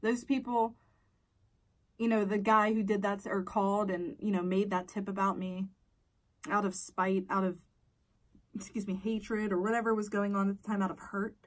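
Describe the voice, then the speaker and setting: A woman's voice: medium pitch, far from the mic. A young adult woman telling a personal story in a casual storytime vlog, candid and swearing, sometimes dropping into a whisper. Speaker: vlogger.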